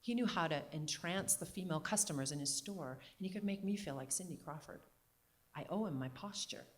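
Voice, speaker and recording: A middle-aged woman telling a personal story on stage with wry, deliberate comic timing. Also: deep voice. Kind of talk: live storytelling performance.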